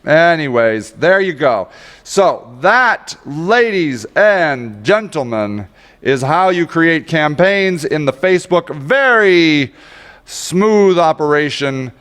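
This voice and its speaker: A man's voice: fairly high pitch, big pitch swings, slow, fairly bright tone, smooth, long reverb tail. A man giving a casual, rambling screen-share tutorial on social media marketing, joking at his own expense and grumbling when the tool won't cooperate. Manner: rambling, self-mocking, easily frustrated.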